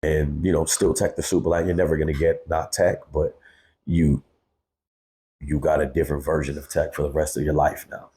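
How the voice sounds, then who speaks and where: Podcast guest, man in his 30s, very low voice, raw and candid storytelling. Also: little pitch movement, moderate pace, dark tone, slight background noise. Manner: candid, cursing freely, says "bro" often. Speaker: guest, hip-hop artist. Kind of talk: emotional personal storytelling.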